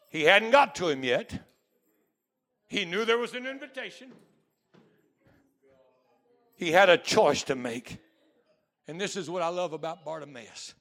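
Male missionary preacher; high, bright voice, storytelling into fervent shouts. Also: animated, unhurried, gravelly, pauses often. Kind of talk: sermon.

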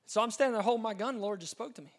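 A man's voice: sits high, rapid-fire. A man, a pastor telling an earnest, dramatic testimony in a sermon, with frequent restarts. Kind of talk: storytelling sermon.

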